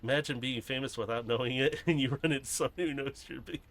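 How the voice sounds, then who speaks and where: A man's voice: medium pitch, fast talker. Laughing, rambling male streamer. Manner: laughs often, rambling and animated. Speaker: streamer building a brick model. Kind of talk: casual chat while building.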